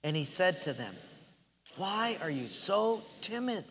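Animated preacher in a reverberant hall. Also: male voice, high voice, unhurried, slight background noise. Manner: animated, acts out shouts and laughs. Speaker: pastor. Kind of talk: storytelling sermon.

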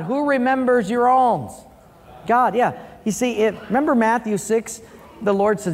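A man's voice: very high voice, moderate pace, big-room sound. A man preaching a sermon as pastor, telling stories and acting out voices in a joke. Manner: animated storytelling, acts out voices in a joke.

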